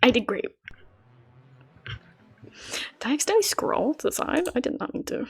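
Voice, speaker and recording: High-voiced woman chatting between songs. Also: sing-song, normal speed, creaky, slightly rough. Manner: self-mocking, chatty, laughs at herself. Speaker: streamer. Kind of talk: casual karaoke livestream chat. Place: indoors, keeping quiet for people nearby. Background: faint karaoke backing music.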